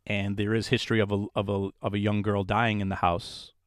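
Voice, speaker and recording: Speaking a little fast in a voice on the low side, a paranormal investigator recounts stories during an interview. He's casual and animated, doing voices for those he quotes, and the studio-quality audio has no room sound.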